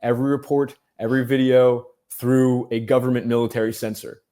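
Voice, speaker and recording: A man's voice: mid-range voice, flat delivery, a little fast, dark tone. A man, a guest journalist in a casual podcast interview, telling a long story with many "um"s and restarts.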